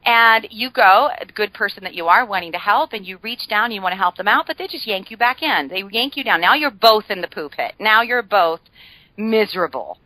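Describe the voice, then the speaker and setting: A woman's voice: mid-range voice, lively intonation, a little fast, sharp tone, no echo, poor audio. A woman guest on a podcast, explaining ideas in a chatty way with frequent fillers and playful humor. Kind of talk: casual podcast conversation.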